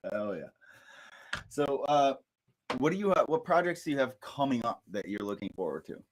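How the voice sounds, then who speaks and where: A man's voice: mid-range voice, very animated, moderate pace, slight background noise, poor audio. A man hosting a casual chat, laid-back and agreeable, asking easy questions.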